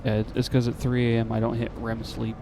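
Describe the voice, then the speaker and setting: A man's voice: medium pitch, completely flat delivery, fast, noisy background. A man streaming a game, chatting casually, rambling and laughing, with some swearing. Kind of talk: casual gaming chat. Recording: game music behind.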